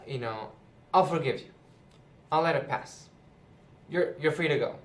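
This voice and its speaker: A man voicing a forgiving king, speaking lower and quieter than his own voice. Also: measured pace, lightly acted. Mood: calm, lordly. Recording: roomy echo.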